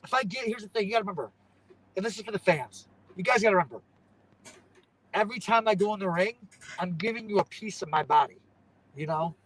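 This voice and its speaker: A man's voice: high voice, lively intonation, fast, long pauses, a bit bright, rough recording. A young man, a pro wrestler, chatting in an interview, rambling and tagging "you know what I'm saying" onto his thoughts. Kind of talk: casual interview chat.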